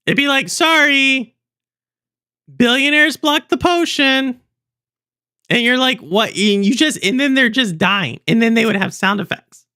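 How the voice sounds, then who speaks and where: A woman's voice: sits high, measured pace, sharp tone. A young woman hosting a livestream, rambling and chatting with viewers, laughing often. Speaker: livestream host. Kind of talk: casual stream chat.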